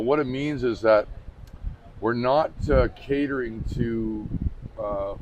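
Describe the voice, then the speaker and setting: A man's voice: lowish voice, a little mellow, a little hiss or hum. A man presenting his company in a casual on-camera talk, informal and chatty, often restarting sentences and slipping in light jokes. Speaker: company representative presenting the brand.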